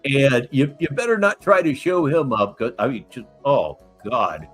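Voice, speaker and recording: Man, stream host, mocking and profane, lively swinging pitch, faint music behind. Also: moderate pace. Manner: mocking, scornful, swears freely. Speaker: stream host reacting to clips. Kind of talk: profane live-stream commentary.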